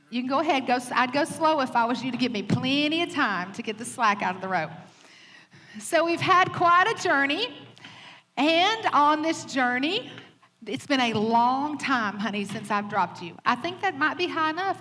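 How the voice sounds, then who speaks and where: A woman pastor telling a funny story in a sermon, animated, laughing often and acting out quoted lines. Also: high voice. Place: church stage. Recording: reverberant hall with faint noise.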